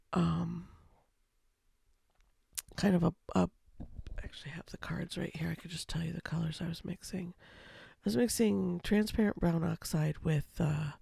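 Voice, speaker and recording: A woman with a slightly scratchy voice, speaking low and softly over a watercolor tutorial, rambling with lots of ums. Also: gravelly, husky, dry recording, studio quality. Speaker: watercolor painting instructor. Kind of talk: casual voice-over for a painting tutorial. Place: home, with a baby asleep in another room.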